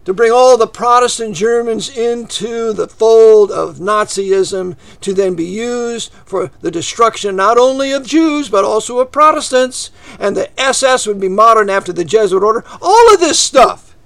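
A man preaching a fiery, ranting monologue to his listeners, often breaking into shouts and dropping to low, quiet asides. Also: moderate pace, vocal fry, hardly any pauses, clean tone.

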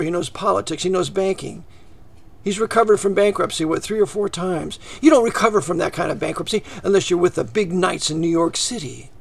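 Man, preacher, ranting monologue, high-pitched, gravelly, bursts of shouting. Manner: fiery, often shouting; drops to low, quiet asides.

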